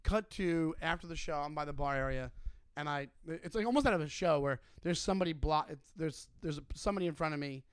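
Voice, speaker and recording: A man's voice: fairly high pitch, brisk, smooth, no echo, clean studio sound. A man co-hosting a podcast, telling a story casually and animatedly, swearing freely. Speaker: podcast co-host, comedian.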